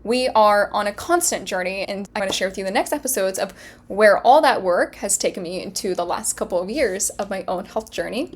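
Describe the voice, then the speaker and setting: A woman's voice: mid-range voice, expressive, fairly quick, husky. A woman in her thirties hosts her own podcast and talks through a personal story. Her delivery is earnest and heartfelt, loose and conversational, with plenty of casual fillers along the way. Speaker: podcast host and health coach.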